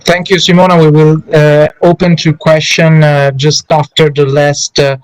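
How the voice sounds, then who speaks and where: A man moderating an online panel, halting and apologetic, with many fillers. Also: fairly high pitch, flat delivery, clean tone, no room sound, low-quality recording.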